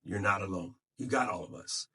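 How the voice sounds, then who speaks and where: A man sounding tired records a casual phone video to cheer on other podcasters, motivational and unscripted. His low voice is brisk, sharp in tone and slightly rough.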